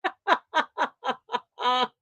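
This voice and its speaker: A woman's voice: sits high, animated, very slow, bright, forceful tone, dry recording. A woman hosting a casual livestream show, reading memes aloud and chuckling at her own jokes.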